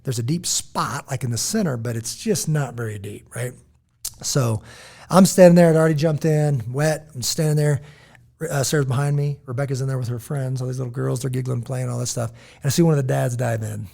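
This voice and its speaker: A man in his forties telling animated, rambling stories as a podcast co-host, often checking in with "right?". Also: mid-range voice, brisk, vocal fry. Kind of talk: casual podcast storytelling.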